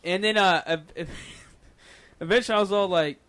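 Guy with a slightly high voice, loose swearing anecdote among friends. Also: moderate pace, clear, resonant tone. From Oregon, USA. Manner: animated, swears a lot, acts out quotes. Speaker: friend in group chat. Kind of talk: casual storytelling among friends.

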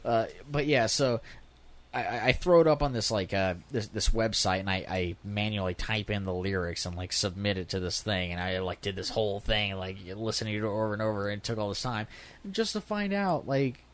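A man's voice: fairly low pitch, brisk. A man telling stories in casual chat, laid-back and profane.

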